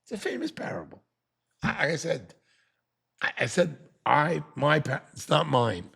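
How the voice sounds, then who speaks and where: A man's voice: a little high, unhurried, creaky, breathy edge. A man telling a parable in a sermon, acting out the characters as he goes. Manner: animated storyteller acting out the characters. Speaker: rabbi. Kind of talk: sermon storytelling.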